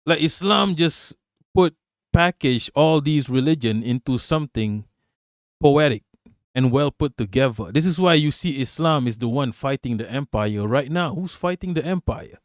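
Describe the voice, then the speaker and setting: A man's voice: mid-range voice, expressive, normal speed, no echo, studio quality. A man hosting a casual political livestream, talking bluntly and profanely and laughing as he reacts to chat. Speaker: livestream host.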